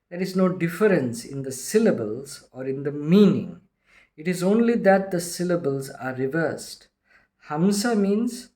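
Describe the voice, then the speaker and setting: A man giving a slow, measured, reverent reading of a spiritual discourse. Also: a little high, warm tone. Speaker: reader of a spiritual text. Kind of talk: scripted narration of a spiritual discourse.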